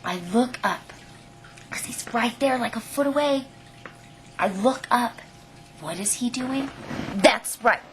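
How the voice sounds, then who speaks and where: A woman's voice: a little high, takes it slowly, pauses often, a little hiss or hum. A young woman telling a funny personal story in a casual vlog, acting it out dramatically and often checking in with "okay?". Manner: animated, dramatic retelling with lots of "like" and "okay?". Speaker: vlogger.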